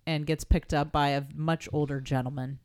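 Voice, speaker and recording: A woman's voice: low-pitched, steady tone, normal speed, darkish tone. A woman co-hosting a casual movie chat, sarcastic and playful, often acting out the characters. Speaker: podcast co-host.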